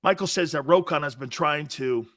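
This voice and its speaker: A man hosting a sports talk show, brash and loud, laughing a lot, swearing and answering chat comments. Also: a little high, normal speed. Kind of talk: casual sports radio chat.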